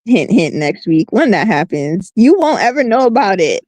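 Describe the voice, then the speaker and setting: A woman's voice: medium pitch, sing-song, moderate pace, a little mellow, no echo. A woman chatting casually on a live stream, making dry, sarcastic quips.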